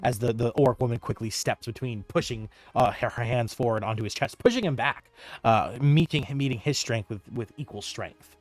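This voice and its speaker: A young man narrating as game master, animated and chatty with fillers, on a close mic. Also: mid-range voice, moderate pace, no echo, soft background music.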